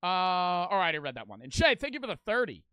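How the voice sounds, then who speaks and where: A young man riffing casually on a live stream, profane, blunt and animated as he reacts to a video and reads out donations. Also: sits high, brisk, smooth, no room sound.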